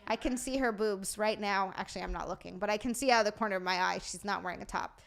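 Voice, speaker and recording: A woman hosting a casual comedy livestream, excitable and swearing as she reads super chats aloud and laughs a lot. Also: medium pitch, fast talker, gravelly. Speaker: streamer and podcast host.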